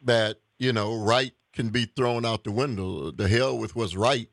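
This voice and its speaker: Low-voiced male radio host, dry sound. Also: vocal fry, a bit bright, no echo. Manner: measured, with many pauses and restarts. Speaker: radio talk show host. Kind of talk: call-in talk radio discussion.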